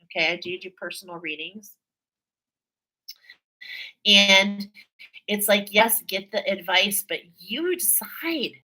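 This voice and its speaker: Speaking slowly with frequent pauses, a female tarot reader offers a relaxed spiritual reading to her audience in a bright, forceful, mid-range voice. She repeats herself, laughs often, and keeps asking "okay?" in a chatty manner. Audio quality is poor.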